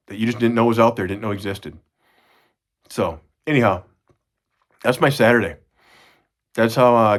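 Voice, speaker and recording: A middle-aged man, talking to his kids in an earnest, rambling way, often restarting his sentences. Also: on the low side. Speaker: father recording a message to his kids. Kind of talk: casual spoken reflection.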